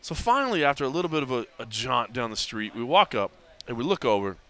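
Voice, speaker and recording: A man's voice: mid-range voice, quick pace. A middle-aged man hosting a podcast, telling a story in casual chat, acting out what people said and leaning on "like" a lot. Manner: animated storyteller acting out quoted dialogue, heavy use of "like". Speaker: podcast host.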